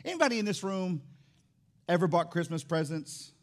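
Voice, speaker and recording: A man's voice: sits high, animated, moderate pace. A middle-aged man preaching a sermon in church as pastor, emphatic and repeating his key phrases.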